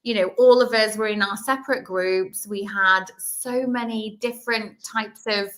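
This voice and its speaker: Bright chatty Yorkshire woman. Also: mid-range voice, fairly even intonation. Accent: Yorkshire, with a slight Welsh twang. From Yorkshire, England. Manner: chatty, rambling, quick asides. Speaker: guest psychic. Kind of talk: casual chat on a live stream.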